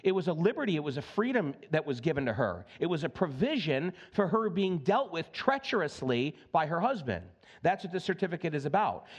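A male pastor delivers a sermon with a voice that sits a bit high and moves freely across its range. He is animated, switching quickly between earnest teaching and playful asides. He speaks through a church sound system. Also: breathy edge.

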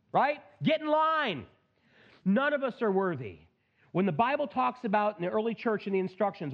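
Male pastor, sermon delivery, bright-pitched and animated, muffled lo-fi sound. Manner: lively preaching with playful asides.

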